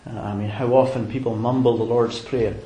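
A man preaching a sermon in a measured, reflective way, pausing on fillers and restarting phrases. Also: medium pitch, fairly even intonation, dark tone, echoey room, slight background noise, low-quality recording.

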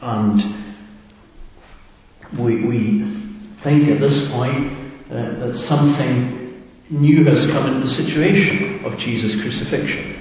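A man's voice: mid-range voice, takes it slowly, a little mellow. A man preaching a sermon in a reflective way, often asking his listeners questions. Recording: echoey hall with long reverb, faint noise.

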